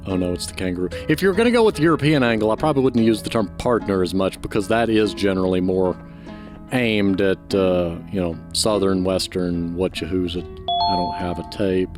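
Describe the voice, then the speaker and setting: A man's voice: low voice, fairly quick, over music. Chatty man reviewing a game. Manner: chatty, critiquing, offhand. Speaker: gaming channel host. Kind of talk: let's play commentary.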